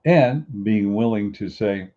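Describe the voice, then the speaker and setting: Deep-voiced middle-aged guy preaching self-worth stuff, earnest and repetitive, muffled lo-fi sound. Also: slow, mellow. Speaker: podcast host. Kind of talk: motivational talk. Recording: dull lo-fi recording.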